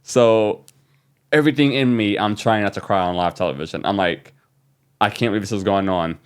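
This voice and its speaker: A man from New Orleans, a young adult, guest on a podcast, telling an excited story with many fillers. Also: lowish voice, brisk, smooth. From New Orleans, USA. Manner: animated, excited retelling with fillers. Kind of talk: casual storytelling.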